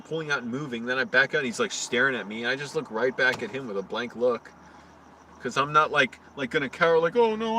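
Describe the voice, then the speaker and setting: This man's medium-pitched voice sounds pushed and bright, with slight noise in the background. He's on an outdoor live stream telling meandering stories, starting over now and then and getting louder as he recounts arguments.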